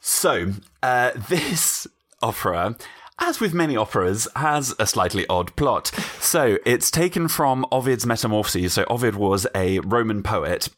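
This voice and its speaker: A man's voice: on the low side, lively intonation, a little slow, a bit bright. A man, co-hosting a podcast and retelling history in a casual, jokey way, acting out quotes with put-on voices. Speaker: podcast co-host. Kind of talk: casual chat, storytelling history.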